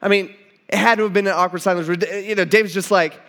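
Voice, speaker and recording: A man's voice: high-pitched, steady tone, fast talker, sharp tone. A man preaching a sermon in a casual, conversational way, retelling a story and acting out its dialogue. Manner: conversational, acts out dialogue, many restarts.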